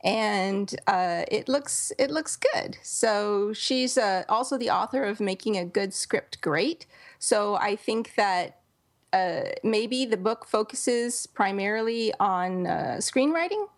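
A woman hosts a relaxed podcast conversation in a mid-range voice. She thinks out loud and explains her views with small restarts. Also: mid-range voice, slow. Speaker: podcast host and novelist. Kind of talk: casual podcast chat. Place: home in Dallas.

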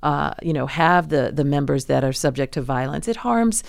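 Woman attorney guest on radio, gravelly but smooth voice, measured explanations, dry studio sound. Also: deep voice, expressive, no room sound. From New York City. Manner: measured, explanatory, with fillers and restarts. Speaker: civil rights attorney, guest. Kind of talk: radio interview.

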